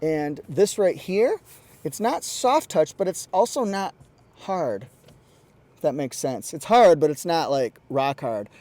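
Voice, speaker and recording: A man's voice: high-pitched, sing-song, measured pace, mellow, dry recording. A man giving a casual, jokey walkaround review from inside a parked car, talking into a lapel mic. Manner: chatty, quirky, jokey asides. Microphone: lapel mic pack.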